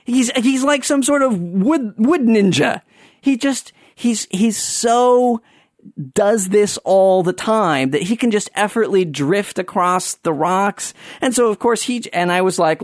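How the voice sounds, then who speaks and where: A man's voice: high-pitched, normal speed, no echo, studio quality. Rambling man telling a podcast story. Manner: rambling, with many fillers and restarts and animated swings when telling a story. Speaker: podcast host. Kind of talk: casual storytelling monologue.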